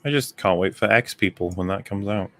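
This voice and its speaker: A man's voice: lowish voice, a little fast, a bit bright. A man as a guest on a live stream, making dry, explanatory remarks in casual chat. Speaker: guest co-host.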